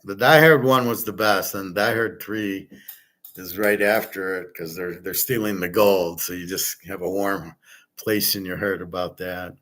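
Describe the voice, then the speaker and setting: A man with a somewhat low voice talks loosely to his viewers, hopping from one subject to the next. He is blunt and opinionated and never sounds scripted. It is relaxed, unpolished stream chatter. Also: a little slow. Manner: blunt, opinionated, wandering from topic to topic. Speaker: livestream host answering chat. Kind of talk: casual rambling chat.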